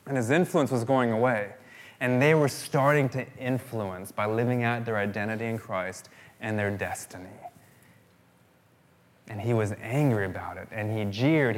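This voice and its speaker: A man's voice: medium pitch, moderate pace. Casual conversational man preaching. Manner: conversational, repeats phrases for emphasis. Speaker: pastor. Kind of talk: sermon.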